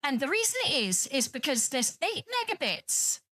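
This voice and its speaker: A woman's voice: sits high, sing-song, normal speed, pushed and bright, dry recording. A British woman streaming, chatting casually and rambling to her viewers, teasing them and swearing freely. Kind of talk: casual livestream chat with viewers.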